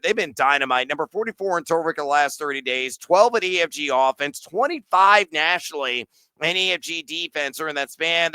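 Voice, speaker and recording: A man hosting a sports betting podcast, rattling off picks and stats in quick, energetic chat, a bit out of breath. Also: a little high, smooth, dry recording. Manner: fast, energetic, stat-heavy. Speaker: podcast host.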